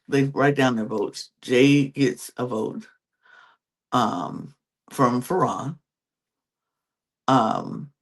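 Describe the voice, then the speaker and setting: A man hosting a podcast, casually recapping a reality-show episode and acting out the contestants' reactions as he goes. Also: mid-range voice. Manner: retells scenes by acting out contestants' quoted reactions. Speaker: podcast host.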